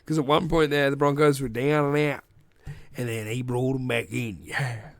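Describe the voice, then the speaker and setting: A man's voice: mid-range voice, steady tone, moderate pace, gravelly, no room sound. An Australian man hosting a casual sports recap podcast, rambling, joking and swearing freely. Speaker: podcast host.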